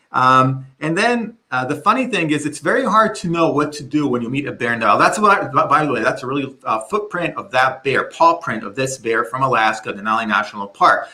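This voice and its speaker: A middle-aged man presenting a webinar, telling a story in an animated way with many restarts. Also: mid-range voice.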